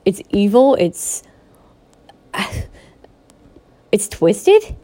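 A woman's voice: mid-range voice, huge pitch swings, very slow, warm tone. A woman vlogger ranting in a personal vlog, pleading and upset, repeating herself and restarting her sentences. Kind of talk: emotional personal vlog rant.

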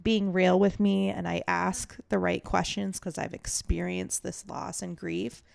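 A woman co-hosting a podcast in a casual interview chat, sympathetic and quick to joke along. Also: lowish voice, little pitch movement, creaky, darkish tone, no room sound, studio quality. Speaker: podcast co-host. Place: in-person studio interview.

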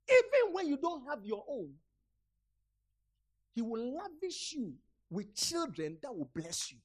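A woman preaching a sermon, retelling a scripture story and urging her listeners with repeated calls and sudden shouts. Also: high voice. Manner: repetitive, urgent exhortation with sudden shouts.

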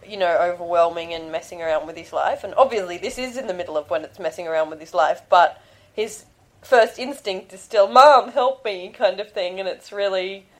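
A woman's voice: on the low side, brisk. Giggly woman podcast host. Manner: giggly, animated when quoting scenes. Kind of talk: casual fan podcast chat.

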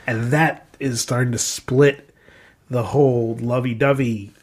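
A man with a husky, slightly rough voice at a mid pitch, co-hosting a podcast. He talks casually, with joking, blunt remarks. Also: fairly even intonation, unhurried. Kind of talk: casual chat.

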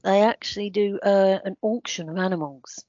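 A man's voice: high-pitched, fairly even intonation, moderate pace, darkish tone, no echo, close to an everyday voice. A man voicing an eccentric, rambling older man who calls everyone "lad", in an improvised comedy podcast. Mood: deadpan. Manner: rambling, odd non sequiturs. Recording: dry, dull lo-fi recording.

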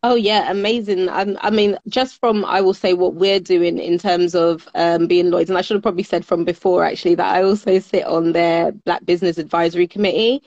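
Woman, British accent, interview guest, lowish flat voice, measured, dry dull audio. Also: dry recording. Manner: measured, articulate, many fillers. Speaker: guest, business network founder. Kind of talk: conversational interview.

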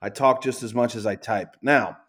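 Guy ranting about college hoops, swears a lot, stumbles, kinda high. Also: normal speed, a bit bright, husky. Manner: profane, ranting, stumbles and repeats words. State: says he is high. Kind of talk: heated casual sports talk.

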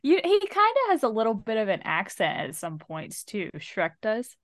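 A woman's voice: mid-range voice, normal speed, no echo, clean studio sound. A woman co-hosting a podcast, chatting about a movie with emphatic exclamations. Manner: expressive, laughs easily, emphatic exclamations. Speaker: podcast co-host. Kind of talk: casual movie review chat.

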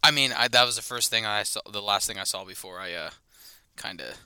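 Lower-voiced guy with a very bright, smooth sound, rambling sports takes, dry mic. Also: brisk, dry recording. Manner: rambling, self-correcting. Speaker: podcast co-host. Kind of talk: casual sports chat.

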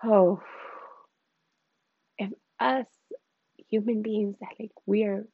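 A woman hosting a podcast episode of casual Bible teaching. She talks in an excitable, rambling way, with many exclamations, on a slightly muffled lo-fi recording. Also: medium pitch, slow, husky, no echo. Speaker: podcast host.

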